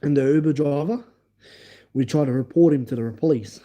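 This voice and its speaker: A man hosting a livestream, recounting events in a casual, animated way and acting out each scene. His voice sits a touch high but sounds very dark and mellow. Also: fairly quick. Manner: animated, emphatic, acts out scenes. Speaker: livestream host. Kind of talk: casual storytelling.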